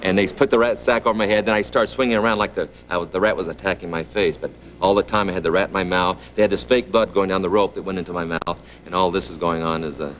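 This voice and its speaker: A middle-aged man in his fifties spins a long story as a talk show guest, chuckling as he goes. His voice sits low and his words come quickly. A faint hiss of a TV studio hangs behind him. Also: rough recording. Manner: relaxed, chuckling raconteur. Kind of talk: anecdotal storytelling. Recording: TV studio with audience noise.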